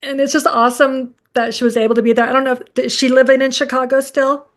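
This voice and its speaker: A woman co-hosting a casual interview, reacting warmly and encouraging her guest. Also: high voice, flat delivery. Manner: warm, encouraging, quick to react. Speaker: podcast co-host.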